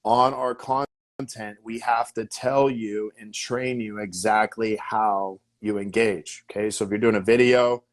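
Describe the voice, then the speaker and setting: A man with a fairly low voice coaches on business as an interview guest. He is energetic and emphatic and keeps checking in with his listeners as he explains his points. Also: measured pace. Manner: energetic and emphatic, with repeated "okay?" and "right?" checks. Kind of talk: casual teaching in an interview.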